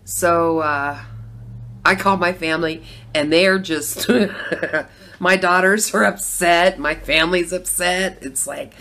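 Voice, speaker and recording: Gravelly middle-aged woman telling her story. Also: lowish voice, steady tone, slow. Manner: chatty storytelling, laughs between lines, swings from hushed to loud. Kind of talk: personal testimonial vlog.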